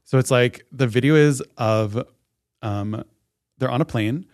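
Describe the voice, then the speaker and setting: A man's voice: mid-range voice, measured pace, a little mellow, no room sound, studio quality. A man co-hosting a podcast, telling a story in casual chat, full of "like" fillers. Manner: chatty storyteller, heavy "like" fillers. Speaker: podcast co-host.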